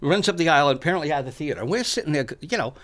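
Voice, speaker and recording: An older man casually telling animated stories, acting out the voices of the people in them. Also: on the high side, very fast. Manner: animated, acts out shouted quotes. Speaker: storyteller guest. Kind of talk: casual storytelling chat.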